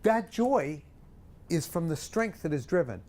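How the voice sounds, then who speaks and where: A man teaching a singing lesson in front of an audience, coaching with lively talk and breaking into sung examples. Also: on the high side, a little slow.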